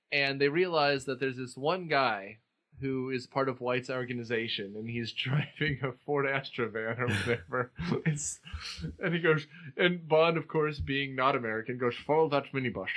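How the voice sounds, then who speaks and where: A man's voice: medium pitch, fairly bright tone, poor audio. A man hosting a podcast, casually recapping a film in a rambling way and often laughing at his own jokes. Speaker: podcast host.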